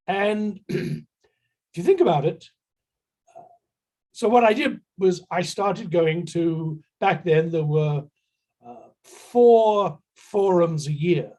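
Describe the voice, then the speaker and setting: A middle-aged man leads a conference workshop, telling an anecdote with dry humor. His voice sits a little high for a man and sounds mellow and relaxed. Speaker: workshop presenter.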